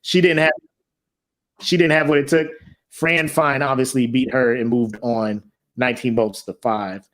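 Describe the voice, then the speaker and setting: A man's voice: medium pitch, steady tone, measured pace, a bit bright. A young man co-hosting a podcast, joking and swearing in casual chat. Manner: laid-back, joking, swearing. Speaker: podcast co-host.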